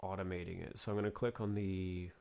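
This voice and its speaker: In a laid-back screen-recorded tutorial from his home studio, a man teaching music production halts and restarts as he thinks out loud while working. He speaks low, with a darkish tone, vocal fry, and little pitch movement.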